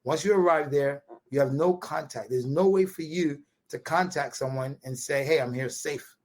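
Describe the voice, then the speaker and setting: A man from Brooklyn with a New York accent, a podcast guest telling a story in an animated, casual way and often tagging his sentences with "right?". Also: fairly high pitch, normal speed. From Brooklyn, USA. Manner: animated, repetitive restarts, quotes dialogue with "right?" tags.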